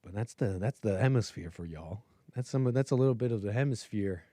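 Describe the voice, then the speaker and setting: A man's voice: on the low side, fairly quick, mellow, no echo, clean studio sound. A man hosting a livestream, talking through his opinions in a rambling, filler-heavy way. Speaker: livestream host. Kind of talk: casual livestream commentary.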